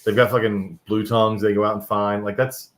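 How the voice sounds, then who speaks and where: A fairly low-voiced man chatting casually on a podcast. He is blunt, jokes around and swears freely. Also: level tone, fairly quick. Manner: blunt, swears often, joking. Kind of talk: casual chat.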